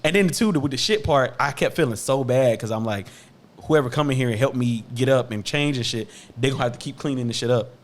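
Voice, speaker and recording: A man's voice: mid-range voice, fast talker. A young man hosting a podcast, telling a story casually with profane slang and laughter. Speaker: podcast host.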